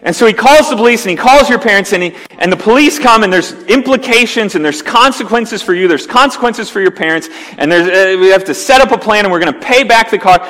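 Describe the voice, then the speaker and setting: High-voiced man preaching in a hall. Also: fast, hardly any pauses. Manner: animated storyteller, acts out scenes with rising intensity. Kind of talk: sermon storytelling. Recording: long hall reverb.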